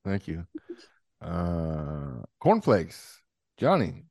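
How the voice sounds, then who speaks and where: A man's voice: deep voice, wildly swooping pitch, a little mellow, dry recording, clean studio sound. Teasing man hosting a podcast. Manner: teasing, profane, quick to laugh. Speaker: podcast host. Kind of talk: casual podcast banter.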